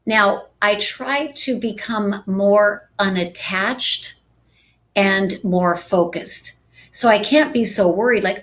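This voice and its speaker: A woman's voice: mid-range voice, takes it slowly, fairly bright tone. A woman teaching real estate agents in a conversational live-stream talk, often checking in with "right?". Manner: conversational, frequent tag questions.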